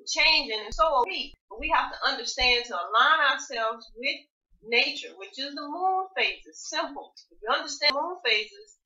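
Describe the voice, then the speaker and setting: A woman's voice: high voice, animated, moderate pace, sharp tone. A woman giving an emphatic spiritual talk as co-host of an online women's circle, recorded over a video call. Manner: emphatic, preachy, uses "baby" and "honey". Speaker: co-host, womb wellness teacher. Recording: roomy, dull video-call audio.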